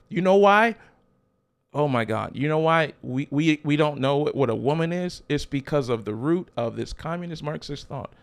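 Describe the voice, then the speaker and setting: A male pastor delivers a sermon in a somewhat high voice. He presses his points with rhetorical questions and repeated phrases. His delivery is emphatic throughout.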